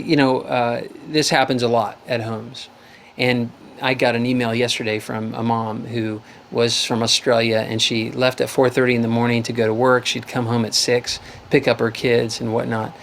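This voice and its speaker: A man's voice: mid-range voice, creaky, slight background noise. A middle-aged man hosting a live advice call-in show over a video call, earnest and rambling, often restarting his sentences.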